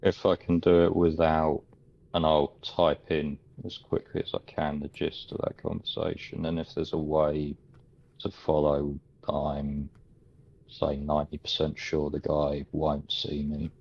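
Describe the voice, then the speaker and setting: Super deep gravelly guy, flat monotone, husky, dull lo-fi mic, planning his moves. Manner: deliberate, planning aloud. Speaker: player. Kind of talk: tabletop game play.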